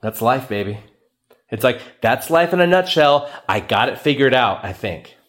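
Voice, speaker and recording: Hosting a casual solo podcast, a man with a mid-range voice and lively intonation rambles and jokes at a moderate pace. He's playful, laughs often, and keeps calling his listeners "man" and "baby."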